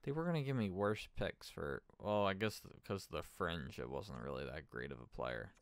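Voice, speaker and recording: A man's voice: low-pitched, expressive, normal speed, vocal fry, no room sound. A man giving casual gameplay commentary as a streamer, thinking aloud and chatting with his viewers. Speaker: gaming streamer.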